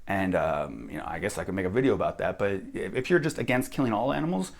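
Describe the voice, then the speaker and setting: Blunt, animated American man ranting. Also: low voice, fast talker, vocal fry. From United States. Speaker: vlogger. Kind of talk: opinionated monologue.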